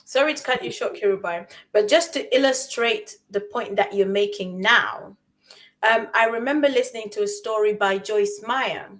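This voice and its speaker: A woman co-hosting a conversation, telling a story in an animated way and asking rhetorical questions. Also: mid-range voice, normal speed, a little hiss or hum. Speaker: co-host.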